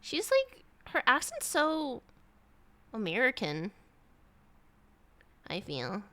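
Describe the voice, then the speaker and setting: A woman's voice: a little high, huge pitch swings, slow, bright, forceful tone, dry recording. A young woman streamer chatting casually with her live chat, rambling with lots of "like" and restarts.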